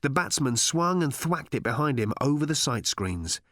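A man reading an audiobook aloud as narrator, in a wry, measured storytelling manner, recorded in a studio. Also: medium pitch, sing-song, a bit bright, no echo. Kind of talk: scripted narration.

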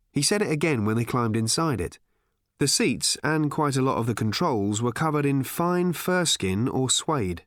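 An expressive male narrator reads a scripted audiobook at a moderate pace in a mid-range voice. The recording is dry, with clean studio sound.

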